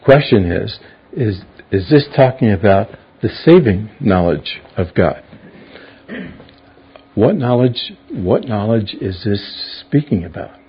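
Slow and sing-song, a low, breathy male voice guides a class through the Bible verse by verse. He explains terms and puts questions to the group. The recording sounds dull and lo-fi.

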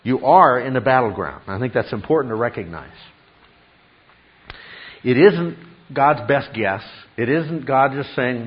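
A man's voice: mid-range voice, animated, moderate pace, dull audio. Emphatic man preaching a sermon. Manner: emphatic, repeats key phrases, asks the congregation questions. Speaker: pastor.

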